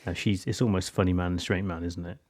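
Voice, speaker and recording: A man's voice: deep voice, little pitch movement, quick pace, a little mellow. A man co-hosting a podcast in casual chat, enthusiastic and full of fillers. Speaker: podcast co-host.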